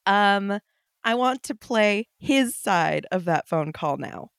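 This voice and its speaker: A woman hosting a podcast, casually retelling a story to her co-host in a chatty, relaxed way with fillers. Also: medium pitch, takes it slowly, vocal fry, smooth, no echo, clean studio sound.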